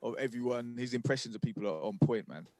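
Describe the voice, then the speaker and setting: A man's voice: medium pitch, fast, no echo. A young man, chatting casually as a podcast co-host and acting out the voices in his stories. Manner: animated storyteller, acts out what people said. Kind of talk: casual chat.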